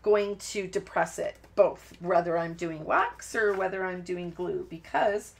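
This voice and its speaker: A woman's voice: fairly low pitch, a little slow, gravelly. A woman hosting a live-stream card-making tutorial, talking casually and rambling as she works, often breaking off mid-sentence and laughing at her own slips. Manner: chatty, rambling, self-interrupting, laughs at herself. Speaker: crafting tutorial host. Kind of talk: live-stream craft demonstration.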